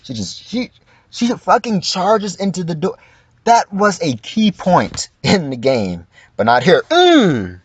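A man's voice: sits high, huge pitch swings, slow, slightly rough, no echo. A man giving casual, profane livestream commentary, acting out quoted lines in mock voices.

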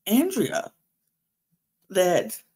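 A woman's voice: medium pitch, wildly swooping pitch, very slow, mellow, slightly rough. A woman hosting a podcast, giving a casual gossipy recap of a reality show, chatty and laughing often. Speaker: podcast host.

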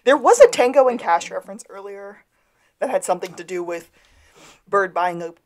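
A woman co-hosting a podcast who recaps TV episode scenes in a relaxed, wry, casual way. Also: mid-range voice, normal speed. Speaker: podcast co-host.

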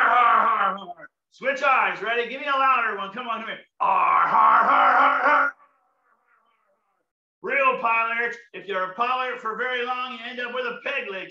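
A man leading a comedic laughter yoga session, his voice high, very bright and full of swoops as he jokes playfully with the audience. The recording sounds roomy and a bit dull. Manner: playful, upbeat, joking to the audience. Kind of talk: comedic exercise instruction.

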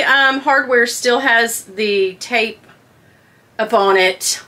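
A woman chatting casually to camera at home, gushing and squealing with excitement as she unboxes a handbag. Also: fairly high pitch, measured pace, slight background noise.

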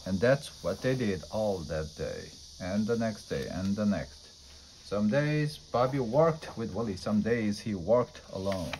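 A man with a fairly low voice reads a children's storybook aloud. His reading is steady and plain. He tells the story at an easy pace, line by line. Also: measured pace, slight background noise, rough recording. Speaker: storybook reader.

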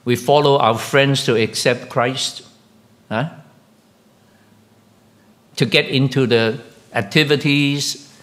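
Slow-speaking pastor preaching a sermon. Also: male voice, a bit bright. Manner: slow, halting delivery with questions to the congregation; rises sharply in pitch and volume when emphatic.

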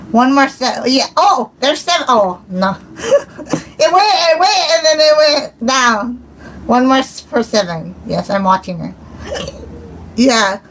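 A woman's voice: a little high, slight background noise, rough recording. A young woman, hosting a casual livestream and chatting in a giggly, scattered, playful way. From Hawaii. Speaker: livestream host.

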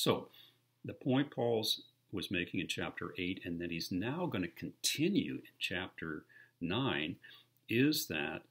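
An older man preaching with a low voice and a husky, slightly breathy edge. He talks through his sermon like a story told to friends and lifts into animated retellings. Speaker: pastor.

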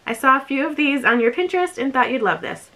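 A woman's voice: sits high, lively intonation, fast talker, a bit bright. A young woman vlogging an unboxing in casual chat, gushing and bubbly, saying "like" often. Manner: gushing, bubbly, says "like" a lot. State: a bit out of breath.

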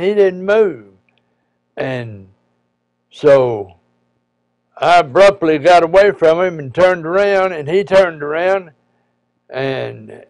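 A man, a preacher, telling a personal story in a folksy, halting way with frequent pauses and restarts. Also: on the high side, a little mellow, no echo.

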